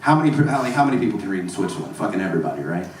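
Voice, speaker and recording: A stand-up comedian from Mississippi doing a crude, profane routine, with deadpan asides to the crowd. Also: male voice, low-pitched, very fast, a little hiss or hum. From Mississippi, USA. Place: comedy club stage. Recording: echoey club recorded from far off.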